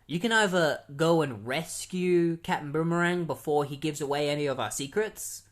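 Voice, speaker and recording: A man's voice: fairly high pitch, moderate pace, lightly acted. A man paraphrasing a stern female government boss in his own voice, blunt and matter-of-fact.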